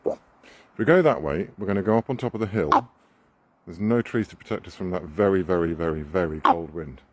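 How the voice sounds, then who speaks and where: A man's voice: deep voice, fairly quick, darkish tone, dry recording. A man outdoors on a walk, playfully coaxing and chatting with his pet raven. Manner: coaxing, playful, talks to the bird.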